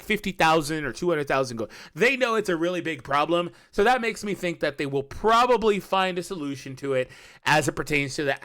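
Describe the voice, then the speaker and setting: A gaming commentator man with a fairly high, bright and forceful voice. His pitch swings widely as he argues and rambles through his points. He repeats himself and goes off on asides in a casual, animated way. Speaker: gaming youtuber. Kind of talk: opinion commentary on a mobile game.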